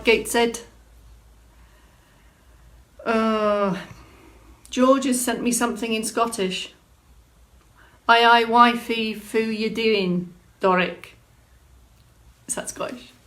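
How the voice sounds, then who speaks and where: A woman exercise instructor hosting a live-streamed movement class, chatting through viewer comments and giving encouraging prompts. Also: mid-range voice. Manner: encouraging, gives clear prompts.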